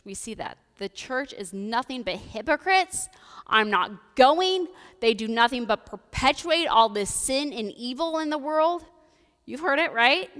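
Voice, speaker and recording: A woman preacher with an American Midwestern accent delivers a casual, chatty sermon from the pulpit of a church sanctuary, tossing in playful asides. Her mid-range voice is a bit bright, and the recording carries the reverb of the church hall.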